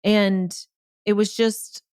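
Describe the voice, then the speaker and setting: A woman's voice: mid-range voice, level tone, slow pace, a little mellow, no room sound, studio quality. A woman guest on a podcast, telling a story from her marriage in an earnest, reflective way. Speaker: podcast guest, relationship author.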